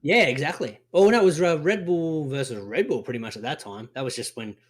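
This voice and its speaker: A man co-hosting a chatty podcast, easygoing and opinionated, swearing now and then. His voice sits a little higher than most men's. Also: brisk, husky. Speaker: podcast co-host. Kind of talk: casual chat.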